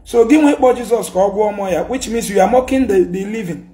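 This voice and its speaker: Speaking fast in a high, dark-toned voice, a Nigerian man with an Igbo accent delivers a fiery social media tirade as a commentator, scolding, mixing English with Igbo and hammering the same points again.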